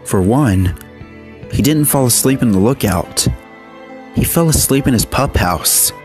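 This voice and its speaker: A man narrating a horror story in a steady, even scripted reading. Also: medium pitch, a little slow, soft background music.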